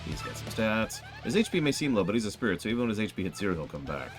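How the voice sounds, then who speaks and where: A man's voice: on the low side, big pitch swings, rapid-fire, over music. A man voicing a young female goomba student from a video game, giving upbeat explanations and advice. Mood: informative.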